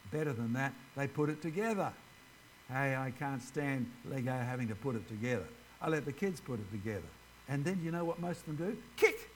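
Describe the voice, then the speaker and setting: A man's voice: medium pitch, expressive, fairly quick, a little hiss or hum, rough recording. A man giving an informal ministry presentation, chatting directly with his audience. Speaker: creationist ministry speaker.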